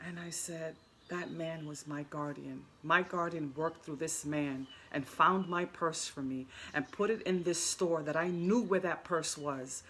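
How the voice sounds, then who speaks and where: A woman's voice: low voice, fairly even intonation, measured pace, a bit bright, a little hiss or hum. A woman telling an earnest personal story in a casual vlog, often repeating and restarting her words. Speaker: spiritual vlogger.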